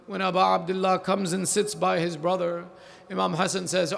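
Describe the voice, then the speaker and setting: A man preaching a mourning sermon, building from a slow, low telling to a loud, wailing lament. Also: little pitch movement, gravelly, a little hiss or hum. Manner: quotes figures in a pleading voice without acting them out.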